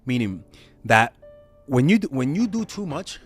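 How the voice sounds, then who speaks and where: Lively, conversational male dating coach. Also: mid-range voice, moderate pace, slightly rough, faint music behind. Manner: loose and conversational, with frequent restarts and tag questions. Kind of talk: casual coaching monologue.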